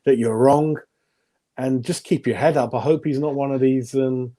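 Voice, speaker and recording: A man talking football in a relaxed podcast chat, his voice mellow and dark. He is blunt and opinionated, handing out player ratings with little sympathy. He often chuckles at his own jokes. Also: medium pitch, normal speed. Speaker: football pundit.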